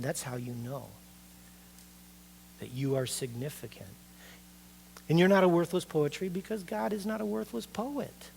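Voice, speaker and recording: A middle-aged man preaching a sermon as a pastor, conversational and animated, asking the congregation rhetorical questions. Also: on the high side, unhurried, creaky, long pauses, a little hiss or hum.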